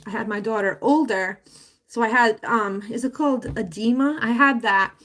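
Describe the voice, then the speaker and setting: A woman's voice: on the high side, moderate pace, fairly bright tone. Emotional woman rambling on a live stream. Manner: rambling, heartfelt, full of fillers and restarts. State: emotional, voice wavering. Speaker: livestreamer promoting a home business. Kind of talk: casual live-stream talk.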